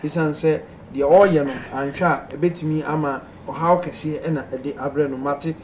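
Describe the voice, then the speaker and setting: Lively male call-in radio host. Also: a little high, unhurried, slight background noise. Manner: lively, laughing, pleading with callers to speak. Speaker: radio host reading listener messages. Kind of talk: call-in advice show.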